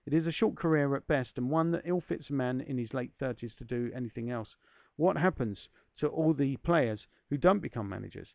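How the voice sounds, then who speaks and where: A man's voice: medium pitch, no echo, highs cut off. A man hosting a podcast, reading a book passage aloud and breaking off for self-deprecating asides to his listeners. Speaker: podcast host.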